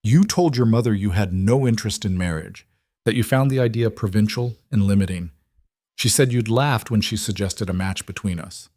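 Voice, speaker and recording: A man voicing a weary young duke who speaks in a careful, measured way. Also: fairly low pitch, a little mellow, no echo, clean studio sound, close to an everyday voice. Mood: hurt. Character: weary young duke, composed but shaken.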